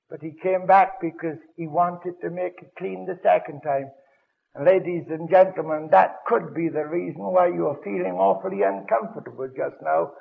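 Older male evangelist, high gravelly voice, dramatic storyteller; dull old broadcast sound. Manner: dramatic storytelling with sudden loud bursts. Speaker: evangelist preacher. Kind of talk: radio broadcast sermon.

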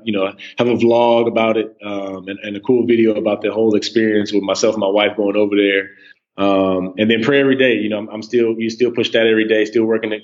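A man in his thirties talking as a guest on a casual podcast, relaxed, with many restarts and "you know"s. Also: on the low side, muffled recording. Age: 30s. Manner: laid-back, stammers on restarts, says "man" and "you know" a lot. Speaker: podcast guest, snack company co-owner.

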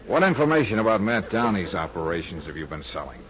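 A man's voice: deep voice, sing-song, fast, noisy background. A man playing a cool, wisecracking private detective in a 1940s radio drama. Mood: wry. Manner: dry wisecracks. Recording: dull old radio broadcast.

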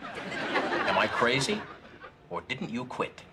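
Gloating office boss, sneering, taunting, sitcom audio, noisy. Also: male voice, medium pitch, wildly swooping pitch, slow, over a noisy crowd. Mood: mocking. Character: smug, gloating middle-aged male boss. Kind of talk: sitcom acting. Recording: sitcom audio with background noise.

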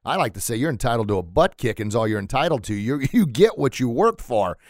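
A man's voice: mid-range voice, sing-song, fast, no echo. Podcast host guy chatting, laughs along, dry close sound. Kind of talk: casual chat.

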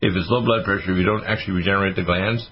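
A man's voice: low voice, steady tone, racing, slight background noise. A man, a doctor and regular host, answering listener questions on a call-in radio show, rambling through long lists with many fillers. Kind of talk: casual radio call-in advice. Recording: dull lo-fi radio audio.

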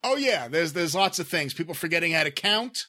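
A man's voice: on the high side, brisk, dry recording, clean studio sound. A man from the northeastern US co-hosting a podcast in casual, enthusiastic chat. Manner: enthusiastic, animated. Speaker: podcast co-host.

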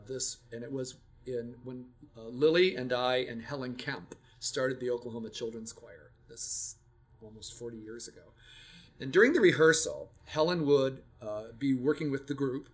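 A man's voice: medium pitch, normal speed, a bit bright. An older man, a music educator, talking casually and reflectively about teaching children to sing, telling stories with frequent restarts.

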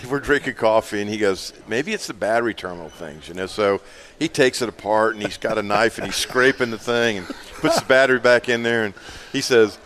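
Animated man telling a story. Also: lowish voice, brisk. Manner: animated storyteller, laughs often. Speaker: radio show co-host. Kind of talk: casual storytelling chat. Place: live remote broadcast at a store.

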